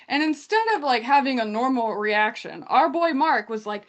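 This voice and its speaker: A young woman from Canada telling a story in casual chat, animated and acting out quotes. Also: high-pitched, normal speed, hardly any pauses. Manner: animated retelling with acted-out quotes. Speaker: guest storyteller.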